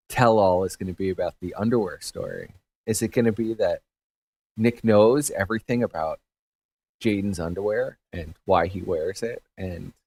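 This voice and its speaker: Gravelly, sarcastic low-voiced man. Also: darkish tone, slight background noise. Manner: crude, sarcastic interjections. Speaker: podcast co-host. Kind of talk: casual stream chat.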